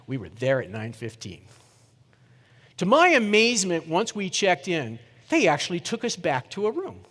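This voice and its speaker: A middle-aged man giving a keynote talk, telling a story in a lively way and putting questions to the audience. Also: high voice, normal speed. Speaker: keynote speaker. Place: conference hall. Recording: reverberant conference hall.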